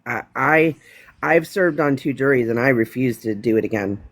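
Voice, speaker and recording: A woman's voice: a bass voice, normal speed, no echo. A middle-aged woman and new grandmother in casual chat, earnest, with small stammered restarts.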